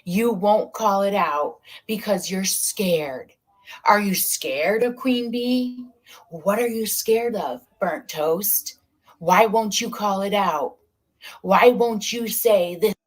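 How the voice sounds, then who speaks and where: A woman's voice: medium pitch, slow pace. A woman on a played livestream clip, ranting and taunting in a confrontational, repetitive way.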